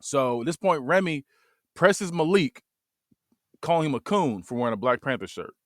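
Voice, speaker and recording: A man hosting a podcast, recapping a movie in a loose, animated way and laughing often. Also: a little high, normal speed, dry recording, clean studio sound. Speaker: podcast host. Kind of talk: casual movie review chat.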